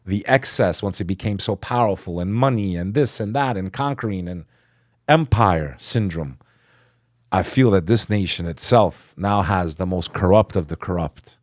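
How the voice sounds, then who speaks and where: A man as a podcast guest, telling a story with fervor, swinging between loud emphasis and hushed asides. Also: low voice, normal speed, no room sound, clean studio sound. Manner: acts out quoted speech. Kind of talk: impassioned storytelling in conversation.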